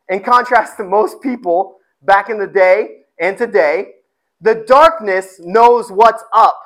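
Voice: medium pitch, a bit bright, rough recording. A pastor preaching a sermon with emphasis, often repeating phrases and asking the congregation rhetorical questions.

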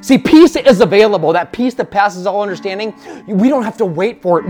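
Impassioned preacher man over soft guitar. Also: high-pitched, expressive, fairly quick. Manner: impassioned, builds to near-shouting. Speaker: pastor. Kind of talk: sermon.

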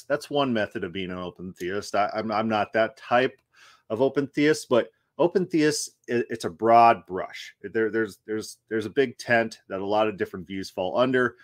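A man's voice: fairly low pitch, no room sound, studio quality. A man hosting a casual commentary, talking loosely with restarts as he critiques a clip. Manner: conversational, restarts, laughs while critiquing. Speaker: host.

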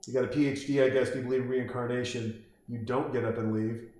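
A man's voice: mid-range voice, steady tone, fast, a little mellow, roomy sound. A man casually reacting to a film at home over a beer, rambling, joking and swearing as he acts out lines. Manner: rambling, profane, jokey, acts out quotes. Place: home room.

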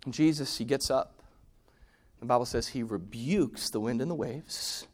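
A man preaching a sermon, swinging from loud, emphatic peaks to hushed, near-whispered lines. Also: medium pitch, moderate pace. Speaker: pastor.

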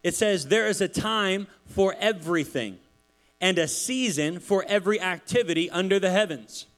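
With a high-pitched voice and moderate pace, a male pastor delivers an easygoing sermon in church. He's animated and conversational, wandering into many asides as he tells stories.

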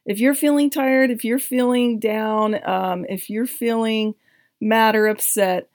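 Slow, gravelly-voiced woman host. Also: a little high, no room sound, studio quality. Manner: candid, expressive storytelling. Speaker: podcast host. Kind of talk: personal story and self-help talk.

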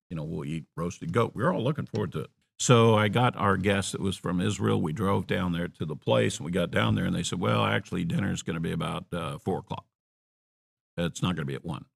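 A male preacher with a very low voice and a gravelly edge. He delivers his sermon as a story, climbing into emphatic peaks and then falling back into quiet asides. His talk sounds unscripted and conversational.

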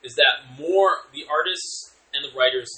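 A man co-hosting a podcast in casual chat, quick to laugh and act out quotes. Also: a little high, sharp tone, rough recording. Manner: chatty, laughs easily, quotes people in voices. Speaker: podcast co-host.

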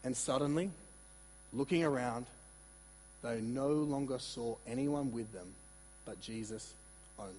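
A man preaching a sermon in a conversational, animated way, with asides and repeated words. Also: medium pitch, a little slow, pauses often, in a large hall, slight background noise. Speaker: pastor.

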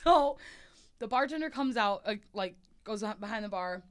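A woman's voice: a little high, animated, normal speed. A woman guest in a casual podcast chat, telling comic stories animatedly, laughing often and acting out what people said.

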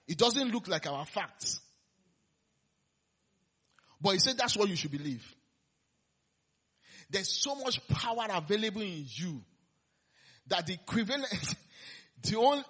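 A man preaching a conversational sermon, laughing often and swinging between loud emphasis and quiet asides. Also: high voice, very animated, moderate pace, long pauses, breathy edge.

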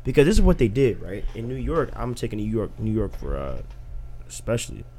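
A man's voice: lowish voice, brisk. A young man in casual podcast chat, arguing with rhetorical questions. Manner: animated, argumentative, rhetorical questions.

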